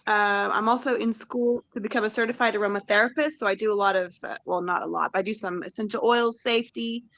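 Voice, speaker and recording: A woman's voice: medium pitch, fairly even intonation, quick pace, a bit bright, dry recording. An American woman joining a live stream as a guest, talking in a casual, friendly way. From United States. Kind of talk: casual chat. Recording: dull, muffled sound.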